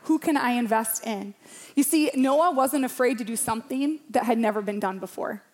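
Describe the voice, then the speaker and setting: High-voiced woman preaching with passion. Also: darkish tone. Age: around 40. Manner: passionate, emphatic, repeats phrases for rhythm. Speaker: pastor. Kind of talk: sermon. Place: church room with a congregation.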